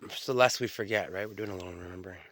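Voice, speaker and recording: A man's voice: deep voice, rapid-fire, fairly bright tone, no room sound. A man telling stories in a rambling, profane, stream-of-consciousness solo monologue, often restarting his sentences.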